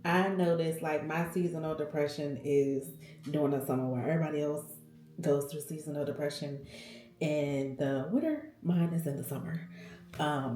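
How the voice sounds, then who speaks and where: A woman vlogger shares a personal story, candid and emotional, calling her viewers y'all. Her voice is warm and mellow. It sits a little low, and the room around her gives it a noticeable echo. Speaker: vlogger and working mother. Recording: roomy echo.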